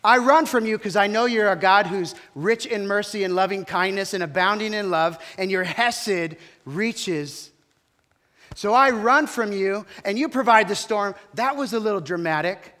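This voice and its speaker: A man preaching a sermon, voicing an angry, self-pitying male prophet who shouts his complaints. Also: high-pitched, a little slow, pauses often. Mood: furious. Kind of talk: sermon storytelling.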